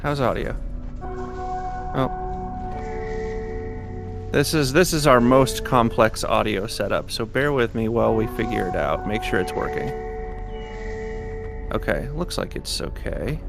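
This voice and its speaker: A male stream host talks casually, pausing and restarting as he checks the setup. His voice is gravelly, with music clearly audible behind him. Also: lowish voice, animated. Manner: hesitant, troubleshooting aloud. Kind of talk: casual live-stream hosting.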